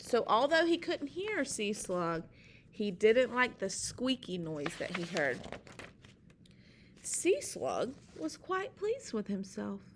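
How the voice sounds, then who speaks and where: A woman reading a children's story aloud, with gentle asides explaining it to listeners. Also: medium pitch, big pitch swings, slow, noisy background.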